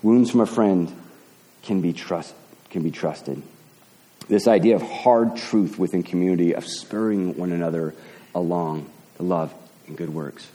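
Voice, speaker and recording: A man preaching a sermon as pastor, talking in a halting way and often repeating words as he builds a point. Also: deep voice, warm tone, in a large hall.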